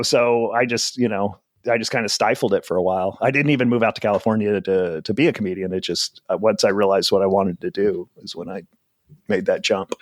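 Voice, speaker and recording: This fairly low-pitched man is a comedian in his forties from New Jersey, appearing as an interview guest and chatting casually. He talks in a rambling, self-deprecating way with frequent laughter, captured in a dry, clean studio recording.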